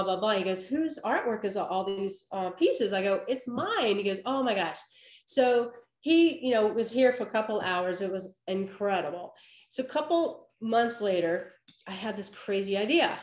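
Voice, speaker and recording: A woman photographer giving a lively storytelling talk, acting out what people said to her. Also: mid-range voice, normal speed. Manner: animated storyteller, acts out quoted voices. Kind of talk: storytelling presentation. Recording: roomy echo.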